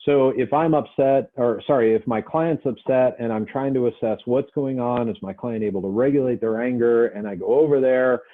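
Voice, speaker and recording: A man's voice: medium pitch, normal speed, hardly any pauses. A male instructor giving a conversational lecture, acting out short example dialogues as he teaches. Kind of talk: recorded lecture. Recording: tinny phone-like audio.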